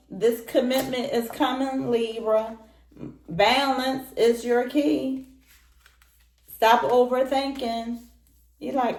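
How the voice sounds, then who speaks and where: A woman's voice: fairly high pitch, fairly even intonation, takes it slowly, darkish tone. A woman giving a casual tarot reading, speaking straight to the listener and repeating her points. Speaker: tarot reader. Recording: roomy echoey room.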